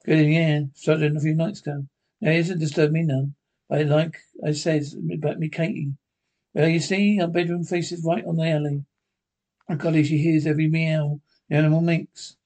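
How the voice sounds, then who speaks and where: A man's voice: on the high side, level tone, normal speed, a little mellow. A man playing a nosy, pushy off-duty cop neighbor, in folksy 1930s radio acting. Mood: blustering. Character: nosy Irish beat cop neighbor, blustery.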